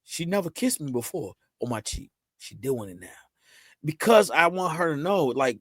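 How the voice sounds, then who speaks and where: A man as a podcast guest, talking about fatherhood in a loose, animated, emphatic way, full of repeats and "you know what I'm saying.". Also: a little high, normal speed, dry recording. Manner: animated, emphatic storytelling with lots of repetition. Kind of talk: casual conversational interview.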